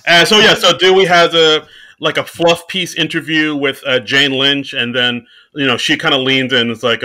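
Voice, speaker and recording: Man, podcast co-host, casual film recap, very bright voice, relaxed, lots of fillers. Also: a little high, normal speed. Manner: relaxed, filler-heavy retelling with "like" and "you know". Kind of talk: casual movie-recap chat.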